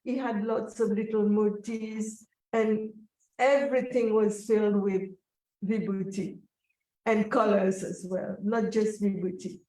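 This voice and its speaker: A woman telling a personal story in an interview, slow, reflective and emotional. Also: mid-range voice, little pitch movement, dark tone. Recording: echoey room, voice from a distance.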